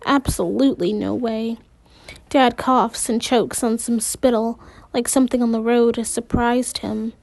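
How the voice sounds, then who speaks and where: A woman reading a novel aloud in the first person, unhurried, with occasional slips and restarts. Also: on the high side, darkish tone, dry recording. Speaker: amateur audiobook reader.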